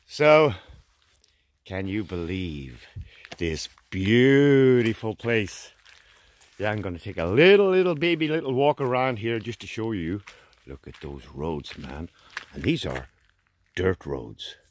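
Animated Irish man vlogging outdoors. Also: on the low side, slow pace. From Ireland. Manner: animated, joking, chatty. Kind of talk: casual walking vlog. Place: outdoors in a forest.

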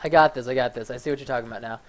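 A young man giving excited, fast-reacting commentary while playing a video game with a friend, often shouting and laughing. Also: medium pitch, a crowd in the background. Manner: energetic, shouts and laughs during play. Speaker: gaming video host.

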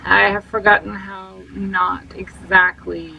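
A woman's voice: mid-range voice, measured pace, vocal fry, bright, forceful tone, a little hiss or hum, low-quality recording. A woman streaming a game live and chatting to her viewers, self-mocking and full of exclamations. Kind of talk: live gameplay commentary.

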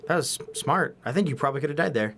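A man co-hosting a let's play, rambling in casual chat with sudden excited outbursts. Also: a little high, fast talker, noisy background. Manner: rambling, lots of fillers and restarts, excitable outbursts. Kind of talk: casual chat while gaming. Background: game music.

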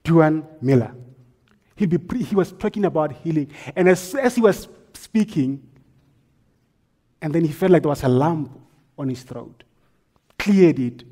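A married man preaching a sermon as pastor, telling stories and swinging between hushed lines and forceful ones. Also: a little high, slightly rough. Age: adult, married.

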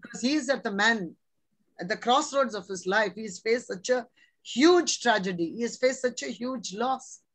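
A woman preaching a sermon with a slightly high voice. She is earnest and exhorting and keeps pressing her listeners with rhetorical questions. She sounds middle-aged. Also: normal speed, rough recording. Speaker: preacher, religious sister.

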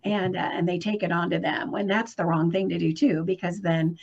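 Woman panelist, gravelly, animated storyteller, dull lo-fi sound. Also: on the low side, a little fast. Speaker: book discussion panelist. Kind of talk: casual conversation.

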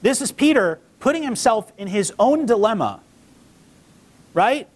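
A man pastor giving a casual, conversational sermon in a church, reading scripture and acting out the quotes. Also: unhurried. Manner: conversational, acts out quotes with lively pitch. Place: church sanctuary.

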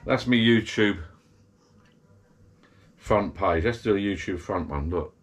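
A vlogger with a lowish voice takes his time, chatting casually from his backyard garden bar. His talk is rambling and digressive, drifting from one topic to the next.

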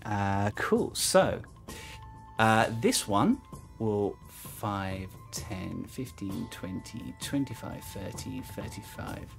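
A woman narrating as game master of a tabletop game, relaxed and often laughing. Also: extremely low pitch, takes it slowly, vocal fry, faint music behind.

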